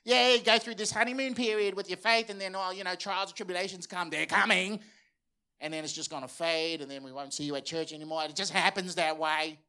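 A man preaching a sermon puts on a higher, loud, scoffing voice to play a dismissive skeptic churchgoer. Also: fairly even intonation, brisk, clean tone. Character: mocking skeptic churchgoer, dismissive know-it-all.

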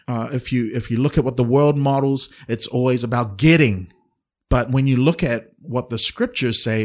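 A middle-aged man preaching to an online congregation in a conversational way, asking the audience questions. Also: mid-range voice. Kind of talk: sermon. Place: online service with a chat.

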